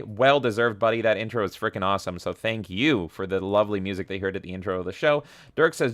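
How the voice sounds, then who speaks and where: A man's voice: fairly low pitch, normal speed, fairly bright tone, no room sound, studio quality. A man hosting a livestream, energetically reading viewer comments aloud and reacting with casual profanity. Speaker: livestream host.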